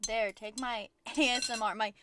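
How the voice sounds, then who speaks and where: Excitable, swearing woman streamer. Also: a little high, moderate pace, noisy background. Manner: excitable, rambling, frequent swearing. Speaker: VTuber streamer. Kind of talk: casual livestream chat.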